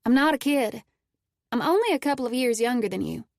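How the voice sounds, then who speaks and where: A woman's voice: mid-range voice, steady tone, creaky, dark tone, no room sound, clean studio sound. A woman doing a feisty teenage girl. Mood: indignant. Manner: quick, indignant retorts. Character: spirited teenage girl, proud and defensive.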